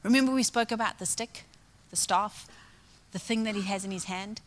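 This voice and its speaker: A woman's voice: mid-range voice, normal speed. A woman preaching a sermon, telling a story and acting out quoted dialogue. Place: church hall. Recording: long reverb of a large hall.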